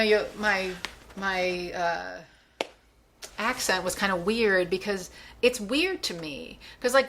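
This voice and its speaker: A woman hosting a book club, reading passages aloud slowly and then thinking aloud about them with many filler words. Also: mid-range voice, fairly bright tone, slight background noise. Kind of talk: reading a novel aloud and discussing it.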